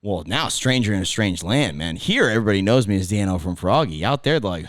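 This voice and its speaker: A man's voice: fairly low pitch, lively intonation, fast talker, dry recording, clean studio sound. A middle-aged man with a Californian accent, a former radio host telling stories in a casual podcast chat, rambling and restarting his sentences. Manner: rambling, self-interrupting storyteller.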